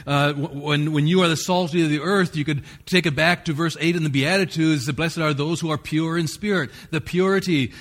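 A man's voice: a little high, fairly bright tone. A man, the pastor, preaching a sermon in an earnest, emphatic way, restarting phrases now and then.

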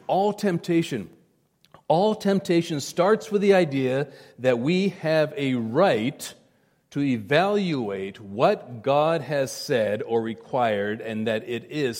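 A man's voice: medium pitch, lively intonation, slow, a little mellow, in a large hall. A male pastor preaching a sermon emphatically, with repeated phrases and direct appeals to his listeners.

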